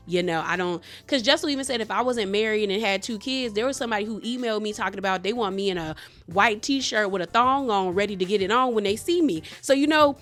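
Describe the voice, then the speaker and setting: A woman recapping a reality TV episode in a casual, chatty, slangy way, retelling the arguments with animated quoting. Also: medium pitch, fast talker, soft background music.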